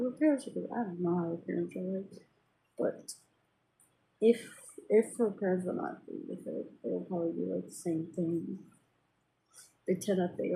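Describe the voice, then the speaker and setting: A woman talks straight to her viewers in a loose, rambling vent, circling back on her words and filling gaps with fillers. Her voice sits a little low for a woman and has a mellow, dark tone. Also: moderate pace, gravelly, pauses often, a little hiss or hum, low-quality recording. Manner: rambling, with many fillers and restarts. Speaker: vlogger. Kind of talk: casual personal venting to camera.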